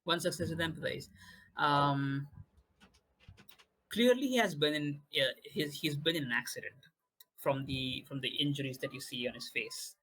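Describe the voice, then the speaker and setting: A man narrating as game master of a tabletop game, talking haltingly with many restarts. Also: fairly high pitch, fairly bright tone, breathy edge, poor audio.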